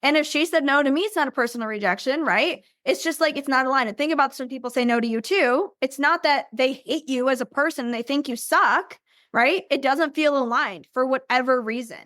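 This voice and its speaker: A woman's voice: high voice, a little fast, fairly bright tone, no echo, clean studio sound. A woman business coach giving an upbeat, chatty training and constantly checking in with "right?". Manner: acts out invitees in bubbly voices.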